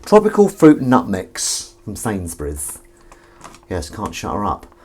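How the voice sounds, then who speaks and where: A man's voice: on the low side, huge pitch swings, a little slow, darkish tone, slightly rough. A man hosting a live stream, chatting casually and jokingly with viewers in a rambling, self-deprecating way. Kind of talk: casual chat reading viewer comments.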